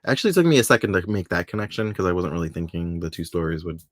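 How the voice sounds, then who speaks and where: Deep-voiced chatty man recapping a soap. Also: very animated, very fast, dry recording, studio quality. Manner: chatty, laughs often, quotes characters in voices. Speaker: podcast co-host. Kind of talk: casual recap chat.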